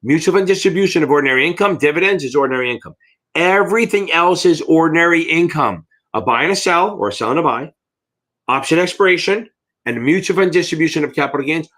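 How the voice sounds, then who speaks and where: A middle-aged American man with a fairly high-pitched voice runs a live exam-prep Q&A. He talks bluntly and rambles, swearing often as he answers questions. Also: lively intonation, fast talker, a bit bright. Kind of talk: live Q&A teaching.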